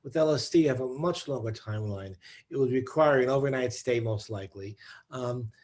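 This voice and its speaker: A man answering on a discussion panel about research, thoughtful and halting, with many restarts. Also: mid-range voice, darkish tone. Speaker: psychedelic researcher.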